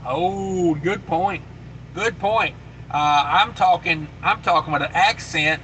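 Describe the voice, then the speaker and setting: A man chats loosely on a trucking livestream, reading out viewer comments and repeating himself as he goes. His voice sits a bit high and comes across tense and forceful. A faint hum of vehicle noise runs underneath. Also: measured pace, rough recording. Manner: laid-back and rambling, with many fillers and repeated phrases. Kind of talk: casual live chat, reading viewer comments aloud.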